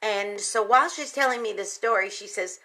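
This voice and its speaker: A woman hosting a radio talk segment, retelling a story with expressive, folksy emphasis and speaking straight to her listeners. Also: mid-range voice, normal speed, poor audio. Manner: folksy, addresses listeners directly. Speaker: radio station general manager.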